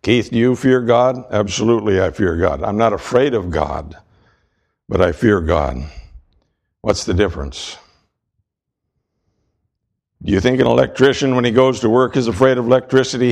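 A man preaching a sermon with emphatic, deliberate delivery and dramatic pauses. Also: lowish voice, gravelly, a little mellow.

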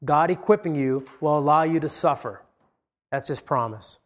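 A man's voice: fairly high pitch, moderate pace. Man preaching an earnest sermon. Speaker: pastor.

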